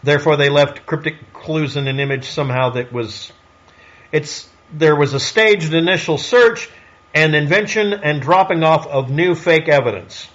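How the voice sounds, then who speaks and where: Sarcastic guy ranting through a commentary, slightly high voice, muffled lo-fi sound. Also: moderate pace, fairly bright tone. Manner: snarky and sarcastic; rhetorical questioning. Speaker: online commentator. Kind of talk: solo commentary monologue.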